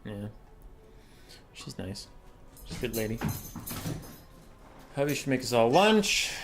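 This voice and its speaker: A man chatting casually on a livestream as a game streamer and caster, relaxed and reacting to his chat. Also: mid-range voice, takes it slowly, vocal fry, long pauses, faint music behind.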